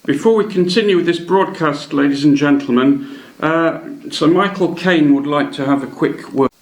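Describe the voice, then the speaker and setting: A man's voice: on the high side, moderate pace. A man hosting a hobby channel, chatting casually and hesitantly as he shows off models. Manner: chatty, hesitant, many ums and uhs. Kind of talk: casual show-and-tell narration. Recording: echoey room.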